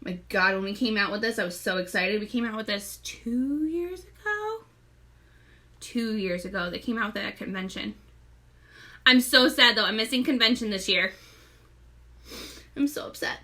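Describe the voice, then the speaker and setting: A woman's voice: mid-range voice, lively intonation, normal speed, sharp tone. A young pregnant woman hosting a casual live makeup tutorial, chatty, greeting viewers by name and often short of breath. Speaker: makeup seller and live-stream host.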